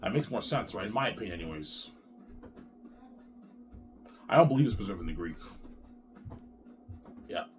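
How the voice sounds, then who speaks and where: A man's voice: on the low side, lively intonation, normal speed, long pauses, soft background music. A middle-aged man delivering a profane, repetitive ranting monologue to camera, tacking "man" onto the end of his phrases. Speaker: vlogger.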